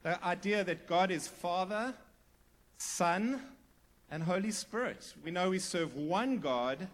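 A man's voice: high-pitched, animated, slow pace. A male pastor preaching a sermon with emphatic repetition, often asking the congregation questions. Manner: emphatic, rising to near-shouted repetition.

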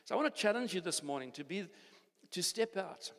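South African older pastor in a reverberant hall. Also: male voice, high voice, expressive, brisk, fairly bright tone. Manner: exhorting, repeats phrases, many restarts. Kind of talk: sermon. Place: church hall.

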